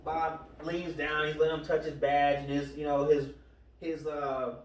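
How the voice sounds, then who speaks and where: A man's voice: fairly high pitch, little pitch movement, moderate pace. Male podcast host, loose rambling delivery, recorded off-mic in a roomy space. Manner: rambling, retells stories with quoted voices. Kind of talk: casual podcast chat. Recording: echoey room, far from the mic.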